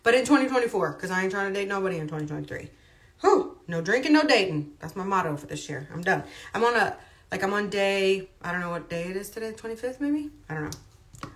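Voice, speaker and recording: A woman's voice: medium pitch, expressive, fast. Woman in her 30s, livestream host, rambly candid talk, mid-range voice. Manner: rambling, candid, uses y'all and ain't. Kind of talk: casual livestream chat.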